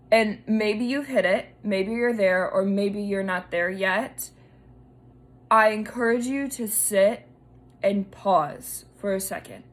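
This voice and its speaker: A young woman with a drawl talks through her week on her own podcast. She chats freely and openly, full of "like" and "um". Her pitch sits in an ordinary middle range. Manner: chatty, emotional, lots of fillers. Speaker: podcast host. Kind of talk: casual solo podcast.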